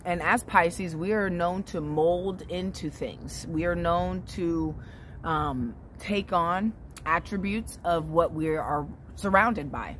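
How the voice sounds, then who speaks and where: A woman vlogging in a casual, relaxed way about spiritual growth, often checking in with "right?". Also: lowish voice, slow, slight background noise. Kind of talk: casual spiritual vlog talk.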